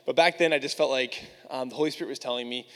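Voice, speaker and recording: A man's voice: mid-range voice, fast talker, a bit bright. A male preacher telling a personal story to his church in a candid, casual way, full of "like". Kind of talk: storytelling sermon. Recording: long reverb of a large hall.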